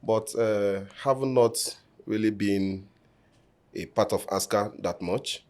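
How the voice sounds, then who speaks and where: A man, answering interview questions as a candidate in a measured, formal way with frequent fillers, in a podcast studio. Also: fairly low pitch, steady tone, a little mellow. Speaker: election candidate.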